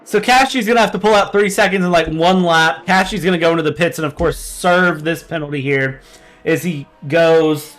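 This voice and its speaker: A young man giving fast, energetic live commentary on an online sim race. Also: on the high side. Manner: energetic, quick play-by-play.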